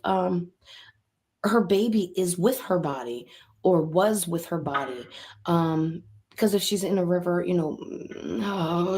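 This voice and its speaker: Halting, emotional woman medium. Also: fairly low pitch. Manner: halting and emotional, many ums and pauses. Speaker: spirit box medium. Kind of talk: emotional spirit box session video.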